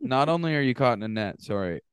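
A man co-hosting a podcast, chatting casually, animated and mimicking people he describes. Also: mid-range voice, fast talker, smooth, no echo, clean studio sound. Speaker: podcast co-host. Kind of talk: casual recap chat.

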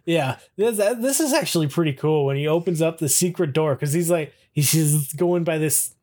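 A man's voice: fairly high pitch, moderate pace, darkish tone. A man co-hosting a podcast, recapping a TV episode in casual chat and laughing often as he retells it. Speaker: podcast co-host.

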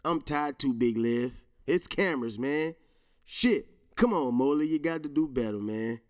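A man's voice: mid-range voice, unhurried, darkish tone. A man hosting his own show in casual solo commentary, ranting with profanity, slang and laughter while talking straight to his listeners. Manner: profane, laughing, emphatic rants; slang-heavy, addresses listeners directly. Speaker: podcast host.

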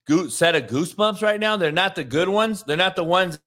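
A man who coaches football, co-hosting a casual podcast with animated, profane storytelling. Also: sits high, fairly quick. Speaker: coach, co-host. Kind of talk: casual chat.

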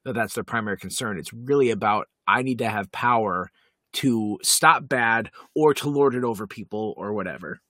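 A man's voice: on the low side, normal speed, bright, forceful tone, no echo, clean studio sound. A man co-hosting a casual podcast, talking with enthusiasm and firm opinions about TV characters. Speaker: podcast co-host.

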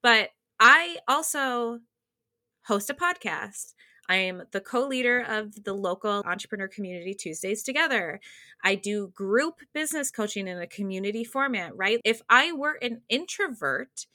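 A woman's voice: mid-range voice, lively intonation, moderate pace, sharp tone, no room sound, clean studio sound. A woman podcast host and business coach in casual conversation, upbeat and emphatic, laughing often.

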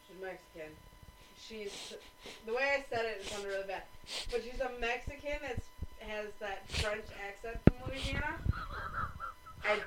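A woman co-hosting a casual chat, profane and animated as she tells stories. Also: a little high, background noise.

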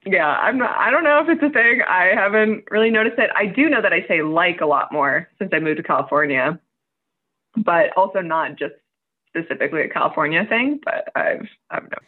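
Lively speaker on a tinny line. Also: medium pitch, a little fast. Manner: lively, hesitant. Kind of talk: casual chat.

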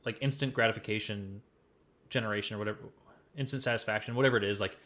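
A young man from the American Midwest co-hosting a podcast, telling stories in casual, profane, animated chat. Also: on the low side, quick pace. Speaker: podcast co-host.

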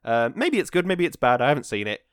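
A man's voice: mid-range voice, fast talker, clear, resonant tone, no room sound, studio quality. A young man hosting a podcast, rambling casually and self-deprecating, then reading a story aloud. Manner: chatty and self-deprecating, with bursts of excitement. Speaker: podcast host.

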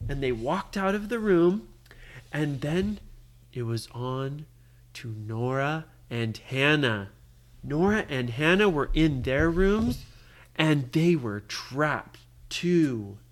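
Brief: lively storyteller, improvised kids' tale, keeps asking questions. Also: mid-range voice, slow pace. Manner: animated, keeps quizzing the listener. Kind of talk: improvised bedtime story for a child.

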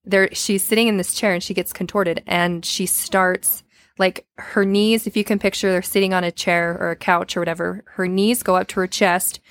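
A woman's voice: mid-range voice, fairly even intonation, moderate pace. A woman co-hosting a podcast, casually telling a story with lots of filler words. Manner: chatty, retells a story with many filler words.

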